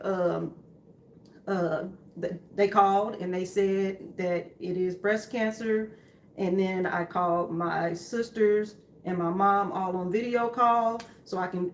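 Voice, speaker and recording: A young woman talks through her story in a calm, matter-of-fact way, full of ums and restarts. Her voice sits in the middle of the usual range. The room is echoey, with a faint hum behind her. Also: medium pitch. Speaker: co-host, wife. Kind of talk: candid conversation with her husband.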